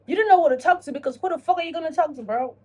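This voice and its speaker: A woman talking casually to camera in a self-reflection vlog, animated and profane, acting out her own inner dialogue. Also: extremely high pitch, very fast, highs cut off. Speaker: vlogger.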